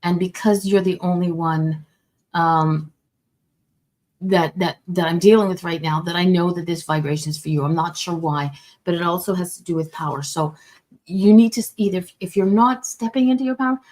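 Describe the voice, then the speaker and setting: A woman doing a casual card reading, talking in a halting way as she searches for words. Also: fairly low pitch, a little mellow, rough recording. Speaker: card reader.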